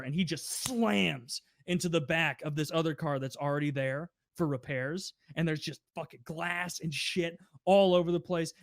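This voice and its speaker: Young guy ranting a story on a podcast, kinda high voice, dry close mic. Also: dry recording. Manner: animated, swearing, acts out quoted customers. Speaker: podcast co-host. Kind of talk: casual storytelling.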